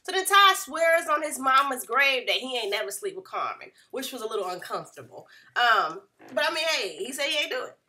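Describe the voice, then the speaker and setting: Young woman, bright tone, slightly high voice, gossipy casual recap, animated. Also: a little fast, few pauses. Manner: chatty, gossipy, animated retelling. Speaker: reality TV recapper.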